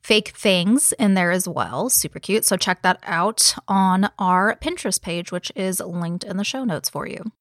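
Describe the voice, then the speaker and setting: A woman's voice: mid-range voice, unhurried, few pauses, dry recording. Young woman rambling and giggling on a podcast, close dry mic. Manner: giggly, rambling, swears casually. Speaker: podcast co-host. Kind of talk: casual podcast chat.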